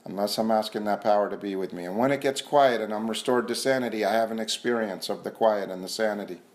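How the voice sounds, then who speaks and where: A man's voice: on the low side, quick pace. A man speaking earnestly at a recovery meeting, sharing in a conversational, self-questioning way. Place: meeting room.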